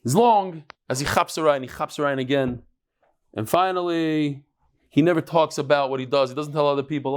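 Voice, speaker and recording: Animated storytelling man lecturer. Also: fairly high pitch, fairly quick. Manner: animated, jumps between voices while telling jokes. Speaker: Talmud lecturer.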